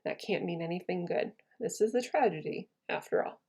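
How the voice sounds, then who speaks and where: A woman's voice: lowish voice, lively intonation, fairly quick, mellow, husky. A woman teacher casually walking students through a play scene, paraphrasing it in modern slang. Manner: chatty, paraphrases in modern slang, many fillers. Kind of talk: casual lesson walkthrough.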